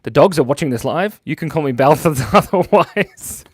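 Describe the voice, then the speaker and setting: A man's voice: on the high side, expressive, moderate pace, slightly rough. A playful man talks through a live drawing stream, with a voice that rises and falls a lot as he jokes along with viewers. He laughs often and teases himself. The sound is close and dry, with no room echo. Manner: playful, joking and self-mocking; laughs often while talking. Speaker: livestream host drawing for viewers. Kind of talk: casual live chat reading viewer comments.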